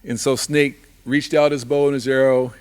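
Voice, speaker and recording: A man's voice: medium pitch, level tone, moderate pace, darkish tone, clean tone. A man telling a traditional animal story live, in a repetitive rhythmic way with restarts. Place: live fundraiser event.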